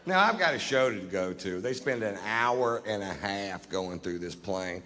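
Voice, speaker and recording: A man doing a stand-up set, telling a long story in a drawling, deadpan, profane way. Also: lowish voice, unhurried, long reverb tail. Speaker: stand-up comedian. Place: comedy stage.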